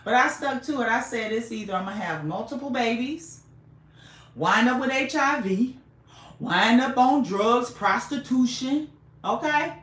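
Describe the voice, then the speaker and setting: Fired-up woman podcaster, kinda high voice, hammers the same phrase over and over, echoey room. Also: animated, measured pace, fairly bright tone. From United States. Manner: emphatic, repeats phrases for emphasis. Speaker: podcast host. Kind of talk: impassioned monologue. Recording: roomy echo.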